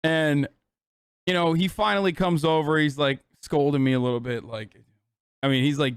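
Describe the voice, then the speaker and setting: A man's voice: a little high, steady tone, normal speed, clean tone, dry recording, clean studio sound. A man in his thirties telling a rambling, sarcastic, profane story on a casual livestream. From United States. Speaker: streamer.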